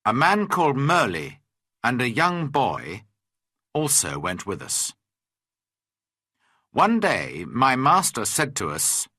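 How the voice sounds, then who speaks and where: Slow, expressive male storyteller. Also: medium pitch, dry recording, studio quality. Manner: slow, clear, expressive reading. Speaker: audiobook narrator. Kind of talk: scripted storybook narration for learners.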